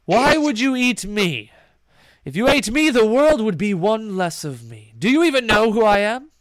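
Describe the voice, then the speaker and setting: A vain showman who declaims every line grandly, as a man puts him on. His pitch is raised and lively, and he swoops with loud, theatrical pride. It is a pompous tabletop-game character. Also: slow pace, clear, resonant tone, dry recording, exaggerated voice. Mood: boastful. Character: pompous vain male actor, boastful showman.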